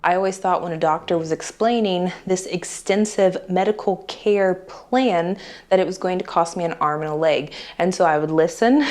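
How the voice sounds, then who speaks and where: A woman from the United States talking casually to her viewers, chatty and animated, acting out the voices of people in her story. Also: fairly low pitch. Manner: chatty, animated, acts out quoted dialogue. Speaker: vlogger.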